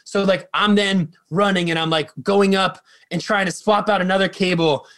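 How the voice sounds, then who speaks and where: High-voiced man telling a backstage story. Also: fairly even intonation, moderate pace, a bit bright. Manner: rambling, lots of fillers and swearing. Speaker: drum tech, guest. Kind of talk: casual storytelling.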